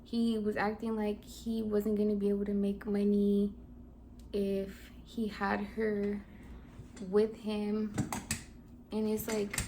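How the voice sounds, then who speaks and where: A woman in her twenties, a vlogger telling a personal story in a casual, animated style with lots of "like"s. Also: medium pitch, takes it slowly, noisy background. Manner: casual, animated retelling with many "like"s. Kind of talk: storytime chat.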